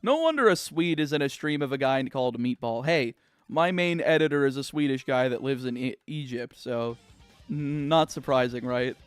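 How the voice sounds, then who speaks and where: A man's voice: mid-range voice, lively intonation, moderate pace, smooth, dry recording, faint music behind. A young American man chatting on a game livestream, answering viewer comments in a rambling, sarcastic way with lots of restarts. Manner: rambling, sarcastic, many restarts and filler words. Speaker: streamer. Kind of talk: casual livestream chat reading viewer comments.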